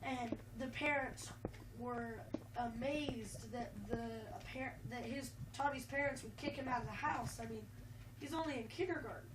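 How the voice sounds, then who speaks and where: Woman host, high voice, rambling halting storyteller, roomy noisy home recording. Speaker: video host. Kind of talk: casual chat and storytelling. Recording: roomy, distant, noisy mic.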